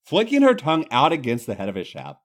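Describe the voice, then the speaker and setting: A man's voice: mid-range voice, wildly swooping pitch, fast. A man hosting a comedy show, reading a story aloud in a theatrical, mock-dramatic style. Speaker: host reading fan fiction aloud.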